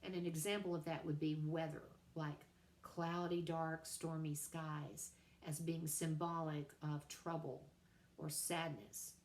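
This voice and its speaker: A woman's voice: low voice, flat delivery, a little slow, darkish tone. A middle-aged woman teacher giving a friendly, playful recorded lecture to her class. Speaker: writing teacher. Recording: roomy sound with faint background hum.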